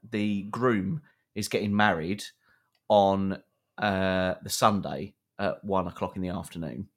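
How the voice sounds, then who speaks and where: A young man, a podcast co-host, telling a long anecdote with lots of fillers and acted-out quotes. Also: low-pitched. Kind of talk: storytelling to a co-host.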